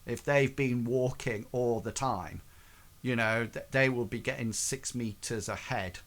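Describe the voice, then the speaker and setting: A man narrating as game master in a tabletop game, halting and restarting often. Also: medium pitch.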